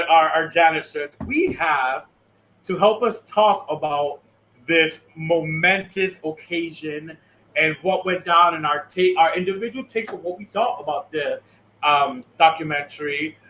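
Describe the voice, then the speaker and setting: A man's voice: a little high, measured pace, pushed and bright, a little hiss or hum. A man hosting a podcast in a loose, playful chat, laughing often. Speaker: podcast host. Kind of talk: casual chat. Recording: roomy echo with faint ambience.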